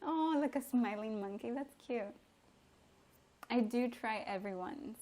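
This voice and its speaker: A woman's voice: on the high side, lively intonation, measured pace, darkish tone. Chatty woman cooking on a livestream. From Mexico. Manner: chatty, giggly, reads and answers viewer comments. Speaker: livestream host. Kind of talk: casual live-stream chat while cooking. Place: home kitchen.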